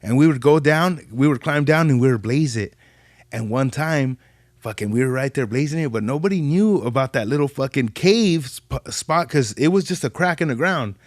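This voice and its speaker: Animated man telling stories. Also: normal speed, no room sound, clean studio sound. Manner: animated, profane street slang, jumps pitch when quoting people. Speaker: podcast guest. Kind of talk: casual storytelling chat.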